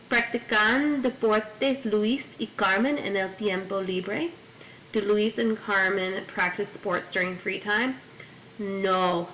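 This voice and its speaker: A woman's voice: mid-range voice, a bit bright, a little hiss or hum, poor audio. A woman teaching a Spanish class, reading each phrase in Spanish and then in English, and adding memory tips. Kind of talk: classroom vocabulary lesson. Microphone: corded mic.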